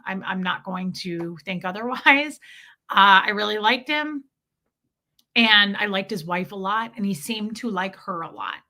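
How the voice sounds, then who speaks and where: A woman frankly telling a painful personal story, uneasy and halting at times, with some swearing. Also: medium pitch, bright, forceful tone. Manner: uneasy, halting and self-correcting.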